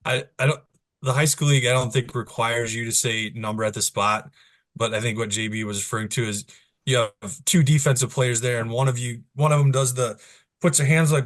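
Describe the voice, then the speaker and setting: A man's voice: mid-range voice, fairly even intonation, fairly quick, fairly bright tone. A man explaining how officials speak to players, stepping into short, raised court calls as examples. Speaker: basketball officiating instructor. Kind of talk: instructional talk to new officials.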